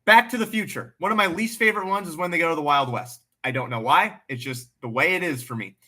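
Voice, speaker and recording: Bright-voiced man chatting on a livestream. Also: fairly high pitch, fast. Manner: blunt and animated, swears freely. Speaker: livestream host answering chat questions. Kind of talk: casual livestream chat.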